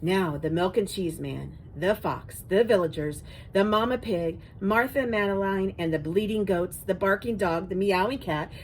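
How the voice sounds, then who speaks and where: A woman reading a children's picture book aloud, expressive and asking listeners about the pictures. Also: medium pitch, normal speed, a little hiss or hum, rough recording.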